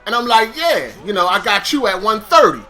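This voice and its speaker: A young man with a high, bright voice tells a story to the camera. He is animated and swears freely, acting out each back-and-forth himself. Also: fairly quick. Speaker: vlogger telling a story. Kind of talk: casual storytelling.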